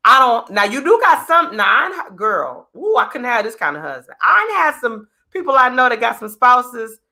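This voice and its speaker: A woman hosting a podcast in casual chat, animated and joking, acting out the voices she quotes. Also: fairly high pitch, moderate pace, hardly any pauses. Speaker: podcast host.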